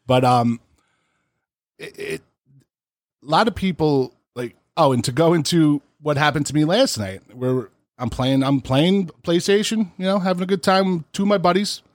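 Podcast co-host: male, swearing, storytelling, jumps to high mimicry, dry close mic. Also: normal speed, no room sound. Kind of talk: casual crude banter.

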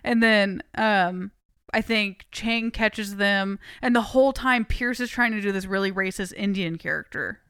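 A woman's voice: medium pitch, measured pace, fairly bright tone, smooth, no room sound, studio quality. A woman co-hosting a casual movie podcast, chatty and opinionated. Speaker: podcast co-host.

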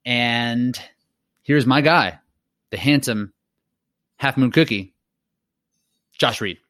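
A man's voice: medium pitch, slow, fairly bright tone, dry recording. A man hosting a running podcast, talking in a loose, chatty way and laughing easily. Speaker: podcast host. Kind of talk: casual podcast chat.

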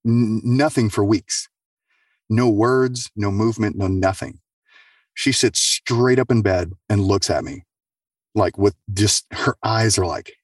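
A man with a low, husky voice tells a true story in casual, profane talk, full of fillers and "right?". The sound is dry and close. He sits a little back from the microphone. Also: dry recording, recorded from a distance. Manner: loose, profane, filler-heavy, keeps asking "right?". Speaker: storyteller sharing a true experience.

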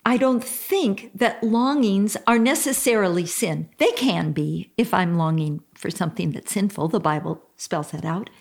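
A woman's voice: mid-range voice, gravelly. An older woman hosting a Christian advice talk, speaking in an earnest, heartfelt way. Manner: earnest and heartfelt, slow and deliberate; slow-paced. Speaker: radio show host.

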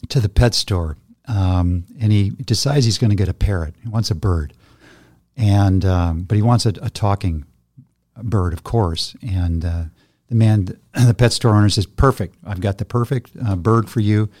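A man's voice: fairly low pitch, a little slow, a little mellow, no echo, clean studio sound. A middle-aged man in casual conversation, telling a joke with many fillers and frequent laughs. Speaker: podcast co-host telling a joke.

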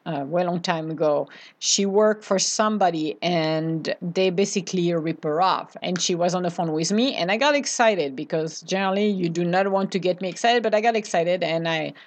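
A woman giving a casual, animated spiritual talk, dropping in playful asides. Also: on the low side, moderate pace. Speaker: spiritual speaker.

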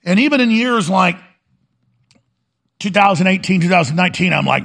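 A man's voice: fairly high pitch, brisk, fairly bright tone. A man hosting a talk show, delivering an urgent, fiery monologue full of repetition. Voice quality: gravelly. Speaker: radio talk host. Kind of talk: impassioned monologue.

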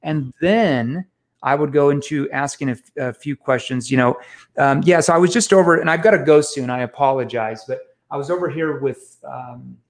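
A man as an interview guest, telling lively, self-mocking sales stories with frequent restarts. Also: mid-range voice, normal speed. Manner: animated, self-mocking anecdotes with many restarts. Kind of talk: storytelling in a casual interview.

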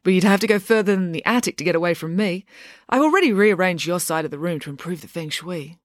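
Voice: medium pitch, fast talker, dry recording, clean studio sound, lightly acted. Narrator doing a smug, scheming schoolgirl. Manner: calm, smug, unruffled. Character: cool scheming precocious schoolgirl. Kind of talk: audiobook character voice.

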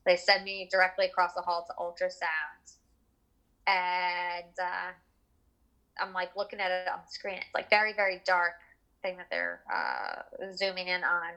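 Woman, 30s, interview guest. Bright, clear voice, candid and conversational. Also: lowish voice, lively intonation, a little slow, poor audio. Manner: candid, chatty, full of fillers. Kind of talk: personal story in conversation.

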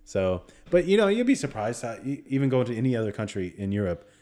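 A man's voice: medium pitch, very animated, fast talker, dark tone. A man chatting casually as a podcast co-host, talkative and laughing easily. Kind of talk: casual chat.

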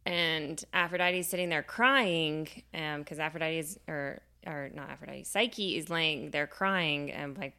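Young female co-host, low smooth voice, chatty storyteller full of filler words. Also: unhurried, few pauses, sharp tone. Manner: chatty, retells a myth with many fillers. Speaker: podcast co-host. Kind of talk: casual storytelling chat.

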